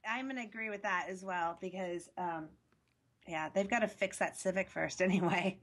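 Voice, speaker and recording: A woman's voice: fairly low pitch, moderate pace, a bit bright. Hesitant giggly woman panelist. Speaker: panelist, article editor. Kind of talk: casual panel chat.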